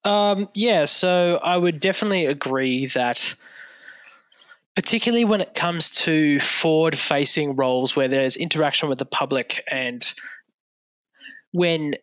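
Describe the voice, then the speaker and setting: A man's voice: on the high side, measured pace, a bit bright, dry recording. An Australian man co-hosting a podcast, hedging and repeating words as he thinks aloud in casual discussion. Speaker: podcast co-host.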